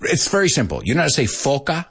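Jokey, animated male English teacher. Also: medium pitch, quick pace, slightly rough. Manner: jokey, laughs a lot, slips into Spanish asides. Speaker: English teacher and show host. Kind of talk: casual live language lesson.

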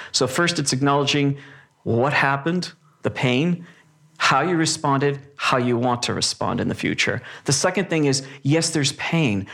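A man's voice: a little high, fairly bright tone. Earnest preaching man, raised voice. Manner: earnest, emphatic preaching with many restarts. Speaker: pastor. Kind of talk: sermon. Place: church or hall with a live audience.

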